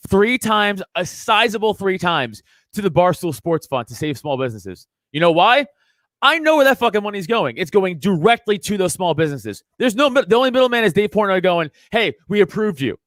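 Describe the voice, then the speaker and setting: A man's voice: high-pitched, animated, moderate pace, fairly bright tone, dry recording. A man, a comedian guest on a podcast, arguing his views in casual chat, emphatic and full of swearing. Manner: emphatic, profane ranting.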